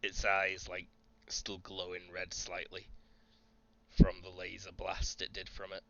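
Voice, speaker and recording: A man running a tabletop role-playing game as game master, narrating the action at an unhurried pace. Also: low-pitched, completely flat delivery, gravelly, sharp tone, dull audio.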